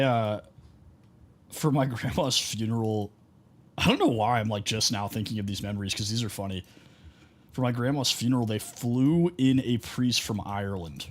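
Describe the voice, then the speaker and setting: A man chatting casually on a live game stream, with a middling voice that is neither high nor low. He rambles through stories, stuffs them with "like", and breaks off to greet viewers in chat. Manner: rambling storytelling full of "like" and asides to chat.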